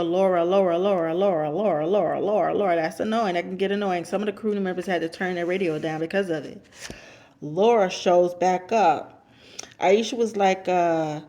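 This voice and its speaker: A woman casually recapping a reality show episode, chatty and repeating herself for emphasis, and she steers clear of cursing. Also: fairly low pitch, darkish tone. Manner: avoids cursing.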